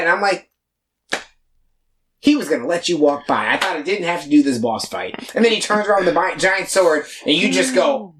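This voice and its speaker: An animated young man talks through anime fights on a casual podcast. His pitch swings widely as he acts out lines from the characters, and he laughs often. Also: fairly quick, slight background noise. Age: young adult. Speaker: podcast co-host.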